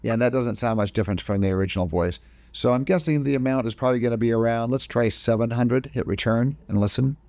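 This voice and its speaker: A man's voice: medium pitch, fast talker, mellow, a little hiss or hum. A man teaching video editing in a casual, step-by-step screen-recorded tutorial, often correcting himself mid-sentence. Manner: casual step-by-step explaining, frequent self-corrections.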